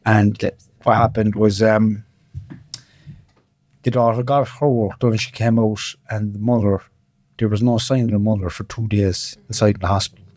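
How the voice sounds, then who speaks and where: A man's voice: on the low side, flat delivery, normal speed, darkish tone, no echo. A man with a Cork accent hosting a podcast, chatting casually and asking his guest follow-up questions. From Ireland. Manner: conversational, asks follow-up questions. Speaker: podcast host. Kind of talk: casual chat.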